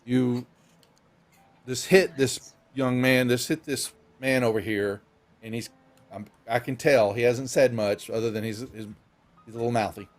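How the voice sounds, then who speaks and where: A man's voice: mid-range voice, fairly even intonation, unhurried, lightly acted. A man voicing a stern woman who scolds a young man in a tabletop game. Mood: scolding. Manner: scolding, firm.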